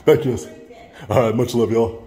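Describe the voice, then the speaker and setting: A man's voice: medium pitch, fairly even intonation, normal speed, dark tone, slight background noise. A man filming in a public building, talking to officials in a sarcastic, mock-official, joking way. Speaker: first amendment auditor.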